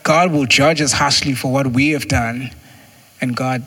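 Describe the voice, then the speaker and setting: A man delivers a sermon in a relaxed, chatty way. His voice has a husky, slightly breathy grain. He keeps leaping into higher, livelier tones to act out little exchanges between people. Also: a little slow. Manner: conversational, acts out quotes with jumps in pitch. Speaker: preacher.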